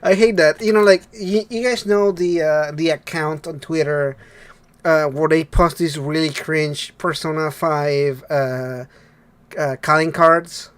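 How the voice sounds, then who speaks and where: A man's voice: fairly high pitch, fairly even intonation, measured pace, smooth, no room sound. A man hosting a casual podcast, laughing often and rambling with many fillers. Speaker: podcast host. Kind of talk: casual chat.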